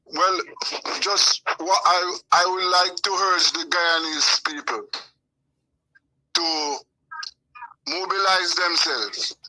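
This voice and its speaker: An older journalist giving closing remarks as a guest on a call-in, speaking in a slow, deliberate, measured way. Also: male voice, high voice, pushed and bright, low-quality recording. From Jamaica. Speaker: journalist and radio host guest.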